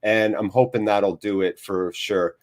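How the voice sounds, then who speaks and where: Chatty, upbeat live-stream host. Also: male voice, lowish voice, fairly even intonation, unhurried. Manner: upbeat, jokey, chatty, reads out viewer comments. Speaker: host of a live football watchalong. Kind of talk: live-stream chat to viewers.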